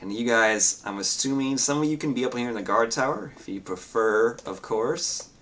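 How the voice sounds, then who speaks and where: A man's voice: mid-range voice, animated, moderate pace, a bit bright, slight background noise. A man narrating as game master of a tabletop game, describing scenes in a loose way with many fillers.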